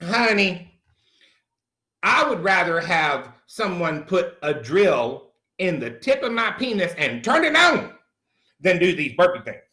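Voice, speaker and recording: Slow, pushed and bright, his high, very animated voice stays fully in character. The middle-aged comedy host improvises a monologue as a crude, brash country man, swearing freely and calling everyone honey, with the room echoing around him.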